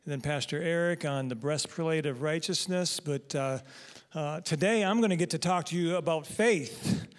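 Male pastor, higher voice, chatty sermon delivery that pulls answers from the congregation. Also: normal speed. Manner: conversational, quizzes the congregation. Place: church sanctuary.

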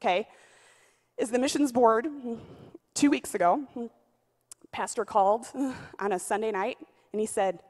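A woman in her thirties, a pastor with a twangy voice, telling a lively testimony in church with lots of fillers. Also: fairly high pitch, moderate pace, long pauses. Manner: animated storytelling, many "uh" fillers. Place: church sanctuary. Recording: long church reverb.

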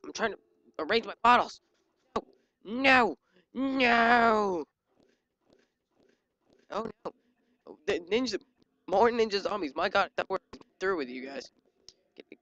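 A gaming channel host giving excitable live commentary while playing, yelping and joking at enemies. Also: mid-range voice, highs cut off. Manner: excitable, yelps and jokes at enemies. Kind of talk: live let's-play commentary.

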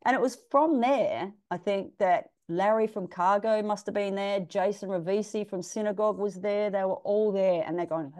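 A middle-aged Australian woman, a DJ guest, telling stories in a frank, animated way and acting out the quotes. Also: medium pitch, moderate pace, few pauses. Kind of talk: casual storytelling interview.

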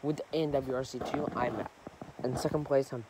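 Young man, casual vlog chat, rambling, self-correcting, filler-heavy, medium pitch, noisy recording. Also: fairly even intonation, normal speed. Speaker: gaming channel host.

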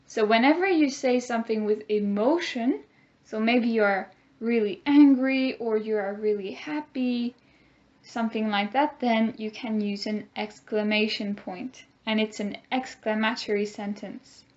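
A woman teaching a grammar lesson, speaking slowly and clearly and having the class repeat words after her. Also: on the high side, highs cut off. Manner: slow, clear teacher talk with call-and-repeat drills.

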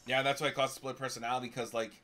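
A young man from Canada talking casually about a film he watched, relaxed, laughing and swearing. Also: mid-range voice, rapid-fire. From Quebec, Canada. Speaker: co-host reacting to a film. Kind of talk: casual reaction chat.

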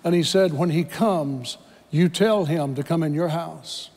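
A man's voice: fairly high pitch, a little slow, a little mellow, long reverb tail. A man preaching a sermon, telling a story dramatically and acting out the voices in it. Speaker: pastor. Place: church sanctuary.

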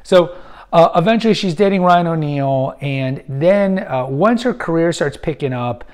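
A man's voice: a little high, expressive, normal speed, a little mellow, clean tone. A man in his fifties who hosts a podcast, giving casual, opinionated film commentary and rambling with frequent restarts and fillers. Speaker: podcast host.

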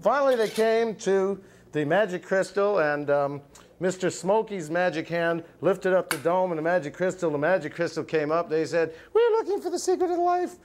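A man hosting a live TV music show, telling a playful puppet story with lots of pauses. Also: sits high. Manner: rambling, playful, lots of uhs. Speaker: show host. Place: TV studio with live audience.

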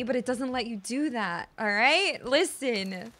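Bright-voiced woman streamer muttering. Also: on the high side, measured pace, hardly any pauses. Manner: mutters quietly to herself, bursts into loud excited squeals; chats back to viewers, teasing and argumentative. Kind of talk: casual live gameplay commentary.

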